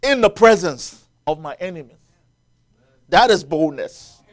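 High-voiced male preacher, emphatic. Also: expressive, unhurried. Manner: rising to emphatic peaks, quoting scripture, call-and-response. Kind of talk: sermon.

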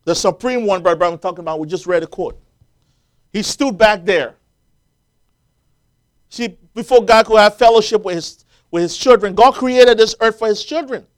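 High-voiced male preacher, emphatic. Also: normal speed, long pauses. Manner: rising to emphatic peaks, quoting scripture, call-and-response. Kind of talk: sermon.

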